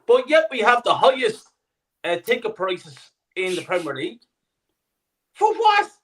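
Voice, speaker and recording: A man's voice: high-pitched, lively intonation, normal speed, a bit bright, rough recording. A man talking as a guest on a fan podcast, indignant and sweary, with emphatic points. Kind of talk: podcast discussion.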